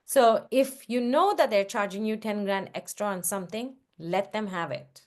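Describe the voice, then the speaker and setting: A woman's voice: medium pitch, normal speed. A woman answering questions on a video call in a casual, practical way, with frequent "like" and "um". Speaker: guest investor.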